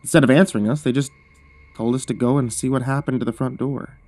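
A man narrates a scary first-person story at an even, mid-pitched register, his delivery measured and hushed, sinking quieter when the tension builds. Faint music plays underneath him.

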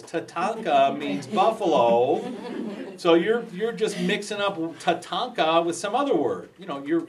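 A man telling a personal story to a group in a talk, acting out the quoted dialogue with lively energy. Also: on the high side. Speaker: speaker giving a book talk. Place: meeting room before a live group. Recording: voice from far off the mic.

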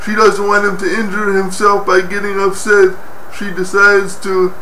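A man hosting a joke segment who tells it slowly, stopping and restarting often. His voice sits high and sounds bright. He is recorded from a distance in a roomy space with a faint background hiss. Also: monotone. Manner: halting, many fillers and restarts. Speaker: joke teller, host. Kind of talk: casual joke telling.

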